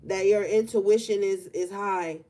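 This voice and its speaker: Faint music plays behind a young woman whose mid-range voice is warm and fairly even in intonation. She's doing a collective tarot reading in a room by an open window, chatting casually and drawing out words to stress them.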